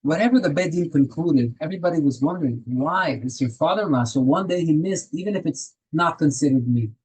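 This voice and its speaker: A man's voice: on the high side, animated, fairly quick, a little mellow, slightly rough, low-quality recording. A man teaching a Torah class, telling stories and asking rhetorical questions, with Hebrew terms woven into his English.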